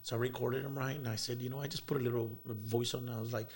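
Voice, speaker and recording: A man's voice: medium pitch, flat delivery, fast, hardly any pauses. A man, telling a heartfelt story as an interview guest, rambling with many fillers and bits of Spanish slang. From South Texas.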